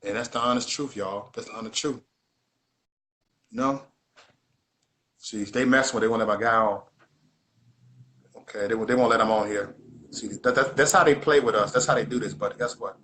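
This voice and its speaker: A man's voice: fairly low pitch, moderate pace, pauses often, a bit bright. A man hosting a casual livestream, talking in an emphatic, repetitive, preachy way. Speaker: livestream host.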